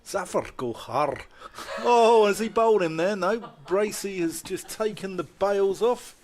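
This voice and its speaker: A man commentating live on cricket for radio. His voice sits a little high and he talks at a slow, measured pace. He gets livelier when the batter hits a big shot, and faint ground noise sits behind him. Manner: lively play-by-play, rising with big shots.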